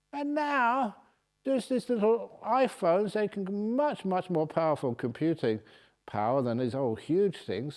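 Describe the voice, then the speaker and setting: A man's voice: on the high side, darkish tone. A man, a Buddhist monk, answering questions at a retreat with jovial, humorous stories and often laughing at his own jokes. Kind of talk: humorous dharma Q&A talk. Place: meditation retreat hall.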